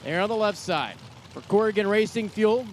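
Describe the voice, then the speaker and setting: High-pitched, excitable drag strip announcer. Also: male voice, slight background noise. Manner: excitable, folksy, quick to joke. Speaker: track announcer and assistant general manager. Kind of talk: live drag racing commentary. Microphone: hand-held announcer mic.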